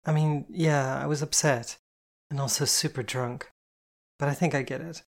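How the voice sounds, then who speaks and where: A reader voicing a blunt, sweary young woman in an audiobook who swears freely and is quick to shout. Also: mid-range voice, steady tone, vocal fry, lightly acted. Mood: contrite. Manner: brash and profane, quick to shout. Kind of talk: audiobook character voice.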